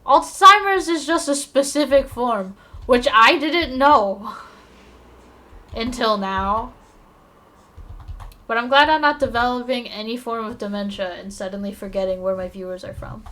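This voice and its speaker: A woman streaming live while she draws, chatting casually with her viewers in a playful, rambling, self-mocking way, quick to apologize and laugh. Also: a little high, sharp tone.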